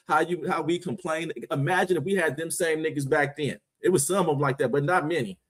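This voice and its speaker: A man's voice: on the high side, brisk, few pauses, slightly rough. A man hosting his own stream, giving an impassioned, preachy monologue full of slang and rhetorical questions. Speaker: streamer, host.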